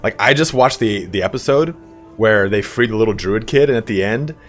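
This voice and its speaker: Young man, gameplay streamer, rambling casual talk, lowish voice, soft music behind. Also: animated, fairly quick. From Southern California. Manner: rambling, chatty, swears freely.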